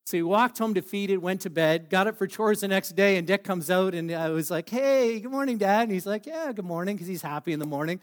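A man with a high-pitched voice preaching through a funny, self-deprecating story. He jokes with his listeners and stumbles over fillers as he goes. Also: fairly even intonation, brisk, hardly any pauses. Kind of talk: humorous storytelling sermon.

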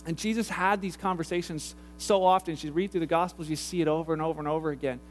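Man in his thirties, high-pitched pastor, casual, animated sermon delivery. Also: fast, slight background noise. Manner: conversational, animated storytelling with acted quotes.

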